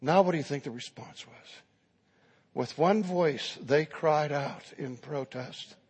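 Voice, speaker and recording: A man's voice: a little high, unhurried, a little mellow, breathy edge. A man preaching a sermon, telling a story in a dramatic, emphatic way. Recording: long hall reverb.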